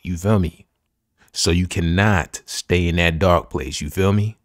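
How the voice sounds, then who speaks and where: A man's voice: sits low, unhurried, dry recording, studio quality. A man hosting a podcast, giving an emphatic, repetitive motivational pep talk full of slang. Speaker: podcast host.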